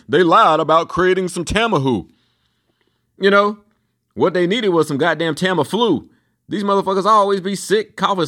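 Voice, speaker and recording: A man in his fifties delivering a loose, profane, rambling solo rant, his pitch swinging up and down as he goes. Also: a bit bright. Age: 50s. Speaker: vlogger.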